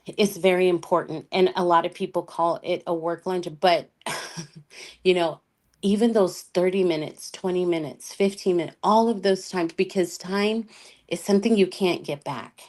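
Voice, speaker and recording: A woman's voice: on the low side, normal speed, a little mellow. A woman speaking as a panel guest, giving earnest motivational advice, often filling her sentences with "you know".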